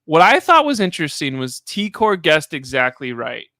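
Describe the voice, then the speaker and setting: A co-host of a reality TV recap livestream chats casually, mimicking people as he retells scenes. His voice is on the high side, pushed and bright, with big pitch swings at a moderate pace. The recording is dry.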